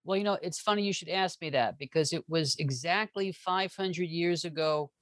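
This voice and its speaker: A man speaking as a guest historian in a casual interview, animated and joking, often restarting his sentences. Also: fairly high pitch, normal speed, no echo.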